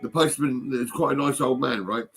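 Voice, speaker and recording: A man's voice: medium pitch, normal speed, a bit bright, soft background music. An older British man with a British accent in an angry, rambling vlog rant, swearing, threatening and mocking someone, recorded on a phone. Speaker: vlogger.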